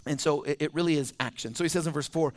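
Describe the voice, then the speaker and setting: A pastor preaching a conversational sermon in church, chuckling often and acting out little scenes. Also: male voice, on the high side, fast, a little mellow.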